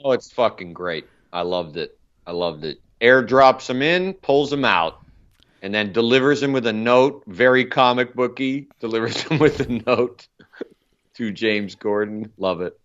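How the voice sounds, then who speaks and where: A man's voice: mid-range voice, animated, a little slow, fairly bright tone. A man co-hosting a film podcast in casual chat, laid-back and enthusiastic, defending the scenes he likes. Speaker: podcast co-host. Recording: dull lo-fi sound.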